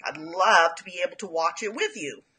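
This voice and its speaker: A woman's voice: lowish voice, fairly quick, sharp tone. A woman caller leaving a friendly, enthusiastic voice message with an idea. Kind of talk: casual recorded voice message.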